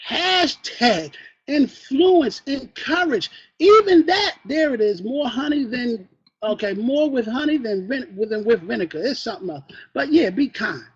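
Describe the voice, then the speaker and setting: Husky man giving a preachy training talk. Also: very high-pitched, animated, measured pace. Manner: preachy, calls for "amen" and asks the listeners questions. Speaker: team trainer. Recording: dull lo-fi recording.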